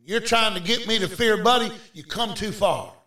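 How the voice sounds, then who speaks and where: A male preacher delivers a fervent revival sermon, shouting and exhorting his listeners over and over. His voice is very high and bright. The sound is roomy, as if he stands back from the mic. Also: normal speed, recorded from a distance. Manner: shouting, exhorting the crowd with repeated calls. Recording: echoey room, voice off-mic.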